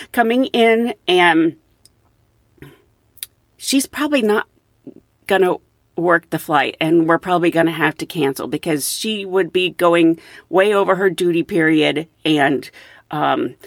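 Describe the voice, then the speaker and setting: A woman's voice: fairly low pitch, dry recording, clean studio sound. A woman voicing an airline gate agent making a matter-of-fact announcement.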